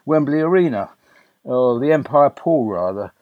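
A man's voice: medium pitch, expressive, moderate pace, dry recording, phone-quality sound. An older man from England recounting a story in a chatty, anecdotal way, with fillers and restarts. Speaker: guest. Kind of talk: conversational storytelling.

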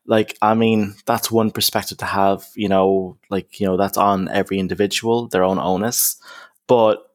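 A man's voice: lowish voice, fairly even intonation, normal speed. A young man, a counsellor, talking casually in an interview, emphatic, with lots of "you know" and "okay?". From Ireland. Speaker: counsellor, podcast guest.

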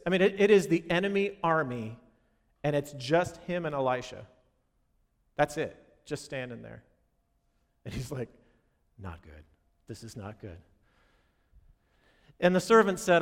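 A man in his thirties delivers a sermon in a relaxed, storytelling way. His voice sits a little on the high side, and he drops it low to act out quoted lines. The sound carries the long reverb of a large hall. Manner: conversational and storytelling, acting out quotes with a dropped voice. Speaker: pastor.

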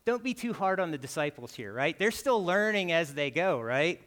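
A man with an American accent preaches in a casual, conversational way, often tossing in "right?" to the congregation. His voice sits a little high for a man. The sound carries a long hall reverb from the church sanctuary. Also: sing-song, normal speed, a bit bright. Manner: conversational, keeps asking "right?". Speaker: guest preacher. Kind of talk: sermon.

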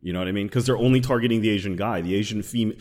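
A man's voice: fairly low pitch, rapid-fire, darkish tone. A man co-hosting a podcast, talking bluntly and animatedly with plenty of swearing. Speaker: podcast co-host. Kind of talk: casual chat.

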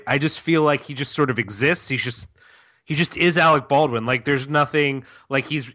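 A man's voice: on the high side, bright, forceful tone. A man on a casual movie podcast, hesitant, restarting and thinking aloud. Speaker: podcast co-host. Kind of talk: casual chat.

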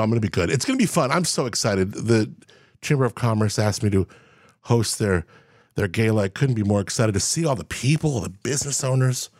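A man's voice: medium pitch, breathy edge, dry recording, studio quality. A man hosting a casual radio show, joking with himself in playful asides. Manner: playful, self-mocking, jokey asides. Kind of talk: casual morning radio chat.

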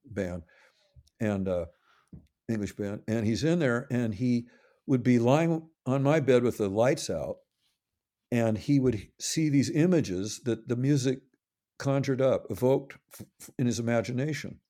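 A man's voice: medium pitch, unhurried, mellow. An older man telling long, rambling anecdotes in a casual interview, often correcting himself and quoting others. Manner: rambling, self-correcting anecdotes with quoted voices. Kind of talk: casual storytelling.

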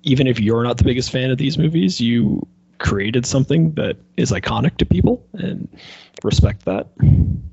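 Husky-voiced man in casual movie chat. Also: medium pitch, normal speed, no echo. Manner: rambling, animated retellings of scenes. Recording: dull lo-fi sound.

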